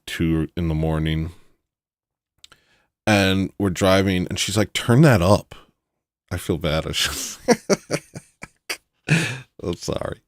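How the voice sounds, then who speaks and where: Man, very low voice, dry close sound, blunt provocative rant, casual podcast host talk. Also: no echo. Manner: blunt, provocative ranting with mocking asides. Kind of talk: casual opinionated monologue.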